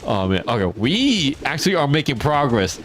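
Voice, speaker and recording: A man's voice: mid-range voice, sing-song, normal speed, soft background music. A man streaming a farming game, chatting casually with his viewers, answering chat and laughing often. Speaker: teacher. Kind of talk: casual live-stream chat while gaming.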